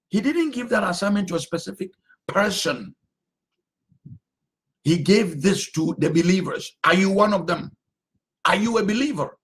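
Man preaching, high voice, swooping pitch, emphatic, repeats himself. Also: lively intonation, normal speed, pauses often. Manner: emphatic, repeats phrases, sometimes shouts. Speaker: pastor. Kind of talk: sermon.

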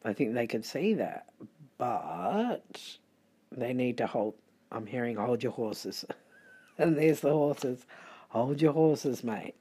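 Middle-aged Australian tarot reader, sleepy, mellow and husky, unhurried chatty delivery. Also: medium pitch, sing-song. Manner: chatty and rambling, with muttered asides. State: sleepy, late at night. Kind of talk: casual tarot reading.

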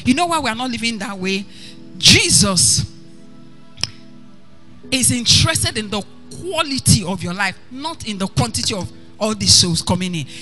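A woman's voice: fairly high pitch, animated, moderate pace, pauses often. Woman pastor, fervent sermon delivery, faint music underneath. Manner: passionate preaching that builds to shouts.

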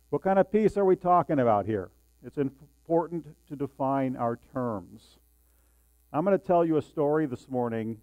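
An older male pastor gives a sermon in a friendly, conversational way, often asking his listeners questions. His voice sits fairly high. The recording is dry and dull, with a low mains hum underneath. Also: no room sound. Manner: conversational, asks the congregation questions.

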